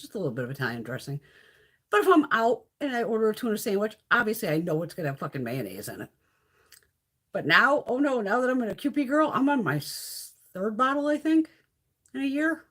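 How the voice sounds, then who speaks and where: A woman's voice: a little high, slightly rough. A middle-aged woman chatting casually and profanely on a beauty live stream, laughing often.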